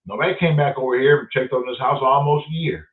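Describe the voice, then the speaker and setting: A man's voice: medium pitch, fast. Man, host, swears a lot, acts out every line of a story; far off, roomy echo, phone-thin sound. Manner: profane, animated storyteller acting out dialogue. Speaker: show host telling a story. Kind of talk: casual storytelling. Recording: echoey, distant, phone-like sound.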